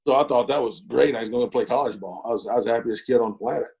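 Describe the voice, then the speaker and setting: A middle-aged man spins a long, folksy yarn as an interview guest. His voice is mellow and relaxed, in the middle of the male pitch range. He talks unhurriedly, with plenty of fillers and chuckles along the way. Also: very fast, gravelly, lo-fi sound. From East Texas. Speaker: guest, former pro baseball pitcher. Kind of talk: casual storytelling interview.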